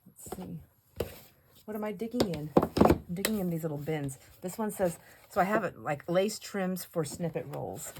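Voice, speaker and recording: Against a noisy background, a middle-aged crafting channel host speaks in a lowish voice with lively intonation at a moderate pace. She chats and rambles through comic family tales as she works, laughing frequently and doing impressions of others.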